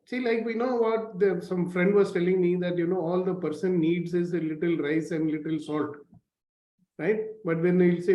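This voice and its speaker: A man's voice: high-pitched, moderate pace, echoey room, dull audio. A man with an Indian English accent, coaching people over a video call in a teasing, questioning way, telling little stories. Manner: teasing, questioning, lively storyteller. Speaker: leadership coach hosting a morning call. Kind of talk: conversational coaching talk.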